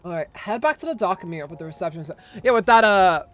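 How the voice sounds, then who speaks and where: A young woman streaming a game, excitable and laughing, with casual swearing. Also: lowish voice, fast. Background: game music.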